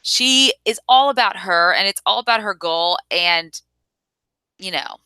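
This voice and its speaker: A woman's voice: mid-range voice, unhurried, bright, forceful tone, clean tone, dry recording. A woman co-hosting a casual review show, chatty, spinning theories and laughing easily. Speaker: podcast co-host. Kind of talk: casual chat reviewing a TV episode.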